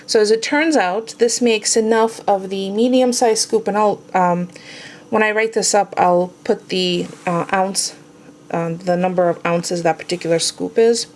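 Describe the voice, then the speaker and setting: A woman's voice: mid-range voice, a little slow, a little mellow, a little hiss or hum. A woman casually talking through a home baking demonstration, chatty and self-teasing, tasting as she goes. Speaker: home cooking vlogger. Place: home kitchen.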